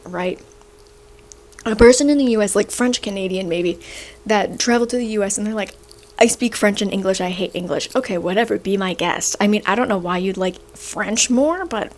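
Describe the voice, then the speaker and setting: A young woman hosting a video, ranting in a casual, sarcastic and rambling way, a little short of breath. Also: medium pitch. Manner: animated, sarcastic, rambling with fillers. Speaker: video host. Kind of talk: casual rant to camera.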